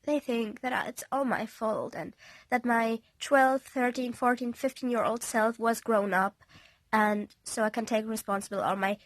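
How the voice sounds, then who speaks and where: A young woman vlogging from a bed, shaken after a panic attack, talking in a halting, apologetic way that often drops to a soft half-whisper. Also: a little high, steady tone, no echo. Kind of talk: confessional personal vlog. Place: indoors, on a bed in a bedroom.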